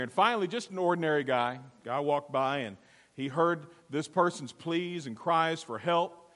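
A man's voice: a little high, lively intonation, moderate pace, fairly bright tone. A male pastor delivering a sermon in a church, telling a story and drawing amens from the congregation. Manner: storytelling, emphatic, call-and-response. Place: church sanctuary. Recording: long hall reverb.

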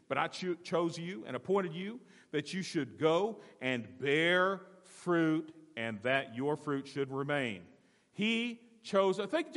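A man preaching a sermon to his church, asking the congregation questions and swinging between quiet and loud passages. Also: a little high, long reverb tail. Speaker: pastor. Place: church sanctuary.

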